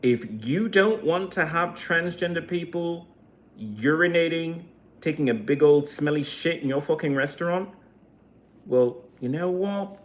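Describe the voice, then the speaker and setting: A man delivering a heated, profanity-filled monologue rant as a vlogger, swinging between loud outbursts and quiet, emotional stretches. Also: a little high, lively intonation, measured pace.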